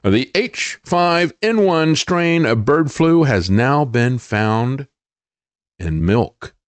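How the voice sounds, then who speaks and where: A man's voice: medium pitch, animated, slow, dry recording. A man hosting a political commentary show, talking in a sarcastic, emphatic way and often mocking what he reports. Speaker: host.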